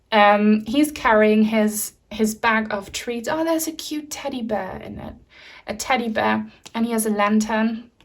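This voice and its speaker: A woman reads tarot cards for an online audience. Her voice sits at a middling pitch, and she speaks in a gentle, earnest way. Soft ums and small restarts run through her talk. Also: a little hiss or hum. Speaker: tarot reader. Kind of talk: pick-a-card tarot reading.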